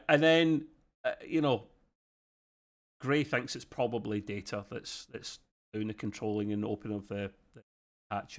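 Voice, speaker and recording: A middle-aged man co-hosting a casual review podcast, talking in a chatty way with British slang. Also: mid-range voice. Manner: chatty, uses British slang like "bloody" and "mate". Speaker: podcast co-host.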